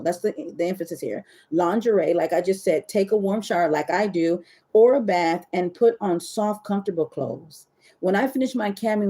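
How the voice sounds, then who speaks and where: Chatty woman with a mellow husky voice. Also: medium pitch. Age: middle-aged. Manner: chatty, animated, talks straight to viewers; self-correcting, searches for words. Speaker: webcam model host. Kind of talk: casual live-stream talk.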